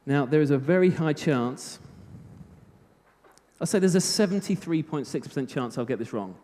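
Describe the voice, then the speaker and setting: A man's voice: on the high side, animated, moderate pace, mellow. A British man giving a live technical talk at a conference, chatty with self-mocking humor. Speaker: conference speaker. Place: conference hall. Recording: reverberant hall.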